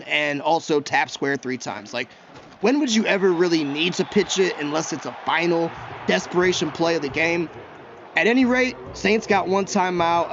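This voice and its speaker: A man giving live, chatty commentary while he plays a football video game, excitable and talking to himself about each play. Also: on the high side, muffled recording, slight background noise. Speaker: gaming YouTuber.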